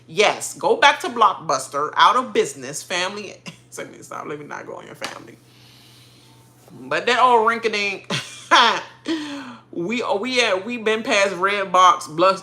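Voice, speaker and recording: A woman hosting a reality show reaction, ranting in casual chat, animated and often laughing. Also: fairly low pitch. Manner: animated, laughing, mocking quoted voices.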